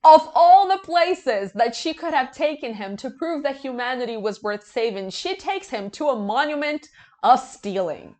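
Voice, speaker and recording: A woman's voice: high-pitched, normal speed. A woman reviewing a book, reading passages aloud and breaking into sarcastic, profane rants. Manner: sarcastic, swears freely, swings from flat reading to loud outbursts.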